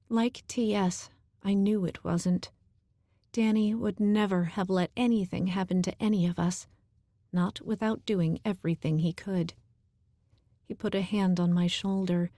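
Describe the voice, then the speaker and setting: A woman reading an audiobook aloud in measured, even scripted narration. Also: on the low side, dry recording, studio quality.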